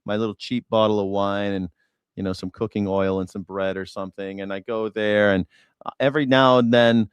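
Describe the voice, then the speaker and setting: A man's voice: lowish voice, fairly even intonation, fairly quick, clear, resonant tone, dry recording, highs cut off. Dry-voiced man rambling, profane host. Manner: rambling and profane, with sarcastic asides. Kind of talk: casual news reaction chat.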